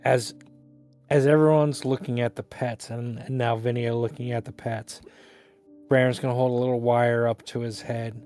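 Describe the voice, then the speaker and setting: A man's voice: medium pitch, level tone, moderate pace, darkish tone, faint music behind. A man playing a tabletop game, wryly describing his character's actions. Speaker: player. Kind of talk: tabletop role-play chat.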